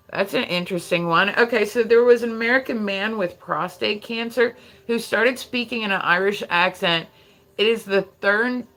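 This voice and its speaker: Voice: mid-range voice, sharp tone. A live streamer with a New Jersey accent, chatting casually into a phone and swearing freely as they drift from one tangent to the next. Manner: rambling, profane, tangent-prone.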